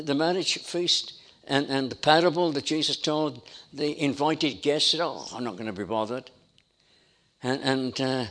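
A man's voice: on the high side, a bit bright. A man preaching a sermon in an emphatic style, building his points through repetition. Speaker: pastor.

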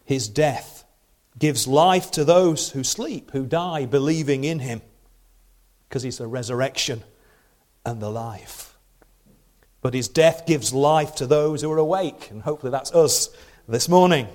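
A man's voice: medium pitch, a little mellow. A middle-aged man giving a sermon in a conversational way, with rhetorical questions and frequent restarts. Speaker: preacher.

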